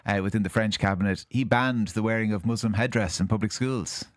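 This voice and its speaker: A man's voice: fairly low pitch, brisk, dry recording. An Irish man hosting a radio news discussion, steering the panel between topics. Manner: steers the talk, brief acknowledgements. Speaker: radio host.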